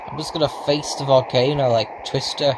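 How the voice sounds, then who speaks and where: A man commentating as he plays video games, panicking and yelling out reactions, with self-mocking asides. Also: medium pitch, steady tone, normal speed, noisy background. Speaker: gamer. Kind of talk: let's play commentary. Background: game music.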